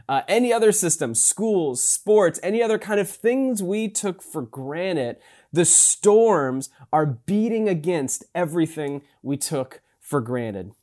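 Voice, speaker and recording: A man preaching a sermon as a pastor in a relaxed, conversational way, with fillers and restarts as he reads and explains scripture. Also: a little high.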